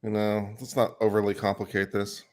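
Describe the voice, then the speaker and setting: A man with a fairly low voice chats as a guest on a live panel. He talks in an easygoing, wry way. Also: little pitch movement, brisk, darkish tone. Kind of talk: casual chat.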